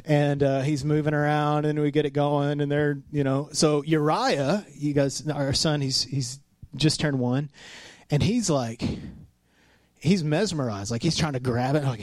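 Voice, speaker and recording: Speaking at a measured pace in a higher-than-average voice, a male pastor in his thirties delivers a relaxed, chatty sermon. He's animated as he tells stories and performs the quoted lines, with no echo on the audio.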